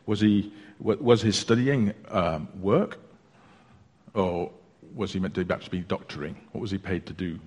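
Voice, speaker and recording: A man preaching a sermon in a church, telling stories in a chatty, unhurried way with small hesitations. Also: low voice, a little mellow, slightly rough. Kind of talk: sermon with a joke. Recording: long reverb of a church hall.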